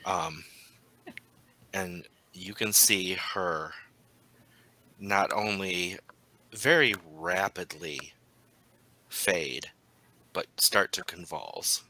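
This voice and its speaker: A man narrates a tabletop role-playing game as its storyteller. He talks very slowly, pausing on ums, with a strikingly bright, forceful tone sitting a little low in pitch. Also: rough recording. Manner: unhurried, halting narration with frequent ums.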